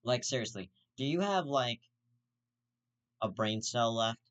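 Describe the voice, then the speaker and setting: Male vlog host with a mid-pitched voice, profane and indignant, pitch spiking when he gets worked up. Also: expressive, a little slow, fairly bright tone, lo-fi sound. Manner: swears constantly, jumps in pitch when outraged.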